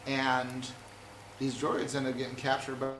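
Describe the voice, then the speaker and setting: A man, a comedian guest, retelling a movie plot in an animated, rambling way with deadpan asides, in an echoey room. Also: mid-range voice, measured pace, far from the mic, soft background music.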